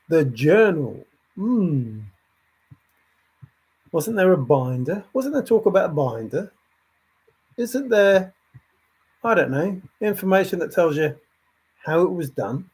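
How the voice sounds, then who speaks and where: Husky-voiced man musing on a livestream. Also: on the high side, sing-song, slow, pauses often, darkish tone. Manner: musing, thinks aloud and answers chat comments. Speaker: livestream host. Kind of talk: rambling livestream chat.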